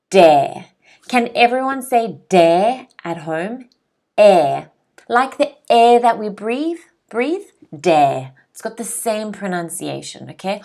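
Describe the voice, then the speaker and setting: A woman from South Africa teaching English vocabulary, drilling pronunciation and checking in with learners. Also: medium pitch. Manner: slow, clear pronunciation drills with frequent check-ins. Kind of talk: vocabulary lesson.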